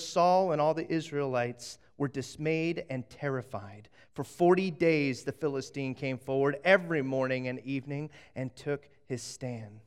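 A man's voice: mid-range voice, clear, resonant tone. A man preaching a sermon, telling a story with energy, acting out voices and often restarting his sentences. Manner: animated storytelling, acts out voices, frequent restarts. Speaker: pastor.

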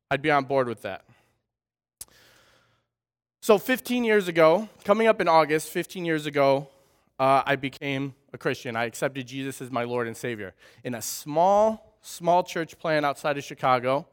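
A man in his thirties with a light Wisconsin accent tells stories to a church congregation in a chatty, joking way. His voice is smooth and clear and sits a little high for a man. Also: a bit bright. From southern Wisconsin. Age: 30s. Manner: friendly, humorous, chatty storytelling. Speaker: guest speaker at a church. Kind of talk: church talk with personal stories. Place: church sanctuary.

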